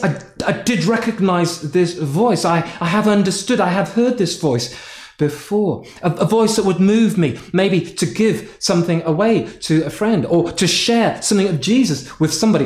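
A man's voice: high voice, a little mellow, echoey room. A man from North Yorkshire preaching a sermon, telling a personal story and acting out his own frustrated prayers. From North Yorkshire, England. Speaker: pastor.

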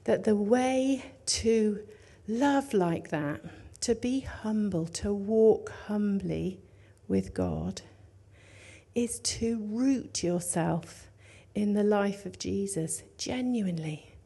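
A woman preaching a sermon in an earnest, conversational way, dropping to hushed tones and rising for emphasis. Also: medium pitch, slow pace, gravelly, slightly rough.

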